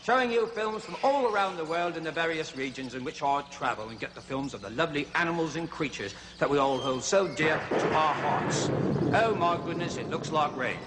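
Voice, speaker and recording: A man's voice: a little high, animated, fairly quick, background noise, close to an everyday voice. A man playing a chattering, self-amused jungle explorer who hosts a zoo segment on a 1970s children's TV comedy and is easily flustered. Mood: jovial. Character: jolly bumbling male jungle explorer zoo host. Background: music.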